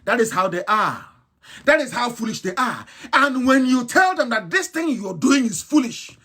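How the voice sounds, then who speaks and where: Scornful, husky man ranting. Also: extremely high pitch, very animated, moderate pace. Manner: scornful ranting, rhetorical questions, bursts of shouting. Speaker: political activist broadcaster. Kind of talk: impassioned live broadcast speech.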